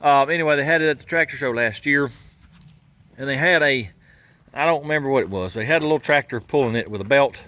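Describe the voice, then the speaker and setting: A man's voice: mid-range voice, fast, sharp tone. A man hosting a garage channel, talking folksy and casual while he works, chuckling and grumbling about how things are built.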